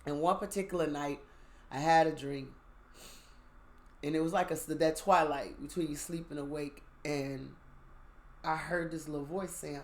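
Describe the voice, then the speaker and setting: A woman sharing a candid spiritual reflection, telling her story emphatically with sudden bursts of loudness. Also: low-pitched, fairly even intonation, normal speed, pauses often. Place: outdoors.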